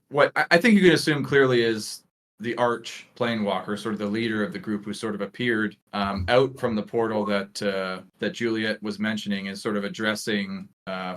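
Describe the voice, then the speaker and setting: A man's voice: lowish voice, normal speed, fairly bright tone. A man running a tabletop game as game master, narrating hesitantly with many fillers.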